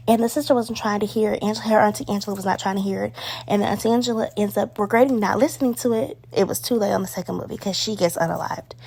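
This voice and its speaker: A woman talks through a movie review in a loose, chatty way. She gets excitable, uses plenty of slang and fillers, and her voice sits at a middle pitch. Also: gravelly, breathy edge. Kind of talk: casual spoken movie review.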